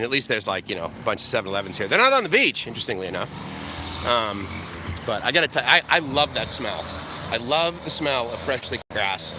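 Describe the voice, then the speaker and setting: An American man with a mid-range voice hosts a live walk-and-talk vlog along a seaside walkway, filming on a camera held out on a selfie stick, with background noise. He rambles, jokes with viewers, and chuckles often.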